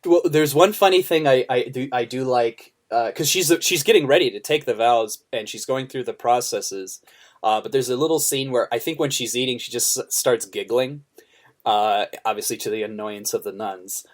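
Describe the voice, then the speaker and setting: Male podcast co-host, average pitch, thoughtful and halting film commentary. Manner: thoughtful, hesitant, many fillers and restarts. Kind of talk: casual film discussion.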